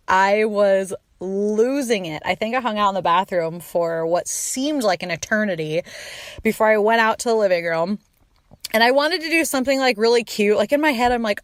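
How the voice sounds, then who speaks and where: A woman in her thirties talks through a personal story on her podcast, loose and conversational, with lots of filler words and casual swearing. She acts out what she said at the time with lively shifts in her delivery. Her voice sits at a middle pitch, and the recording is dry and close, with no room sound. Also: normal speed, dry recording. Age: 30s. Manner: chatty, frequent "like" fillers, swearing; animated, acts out her own quoted lines. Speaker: podcast host.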